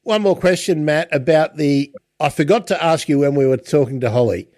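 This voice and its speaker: A man's voice: on the high side, a little fast, darkish tone, dry recording. A man hosting an interview in a chatty way, often restarting his sentences. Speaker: podcast host. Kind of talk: casual interview chat.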